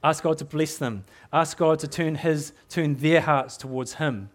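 Earnest middle-aged New Zealand preacher, slightly high male voice, exhorting sermon delivery. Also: unhurried. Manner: earnest, exhorting, repeats words as he builds.

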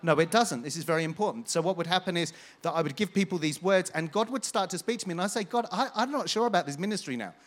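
An energetic man preaches to his congregation, calling out to them and then sliding into a long personal story. His voice sits a little high for a man. He keeps a loose, conversational storytelling flow. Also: fast, few pauses. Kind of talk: sermon with personal testimony.

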